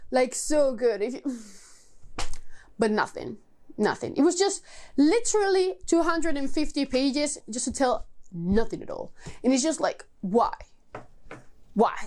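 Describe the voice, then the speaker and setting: A high-pitched young woman chats through a casual book review vlog. She sounds exasperated and emphatic, sighing and swearing as she piles repeated words on top of each other. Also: darkish tone. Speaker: book vlogger.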